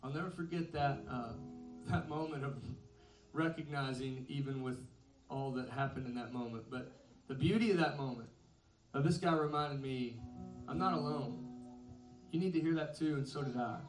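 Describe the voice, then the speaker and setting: A man's voice: medium pitch, moderate pace, soft background music. A male singer talking to a concert crowd between songs, telling a story in a chuckling, self-deprecating yet earnest way. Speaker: band singer on stage. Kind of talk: stage banter between songs. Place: live concert venue. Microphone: stage vocal mic. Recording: echoey live room, mic from a distance.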